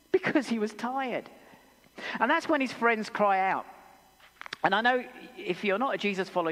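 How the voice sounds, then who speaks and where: A man with an English accent preaching a sermon in a church, telling stories with animated, acted-out voices. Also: on the high side. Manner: animated storytelling, acts out voices. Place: church hall. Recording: long church reverb.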